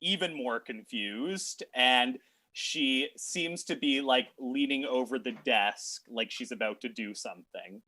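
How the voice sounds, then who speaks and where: Speaking in a mid-range, bright voice with a forceful edge, this man narrates a tabletop game as its game master. He stumbles along with frequent fillers and restarts, recorded with no room sound.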